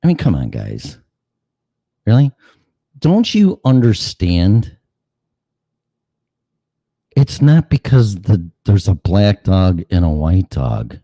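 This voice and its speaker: A man's voice: sits low, very animated, slow pace, pauses often, mellow, dry recording. A man hosting a show, delivering a sarcastic, profane ranting monologue full of mocking asides. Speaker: show host.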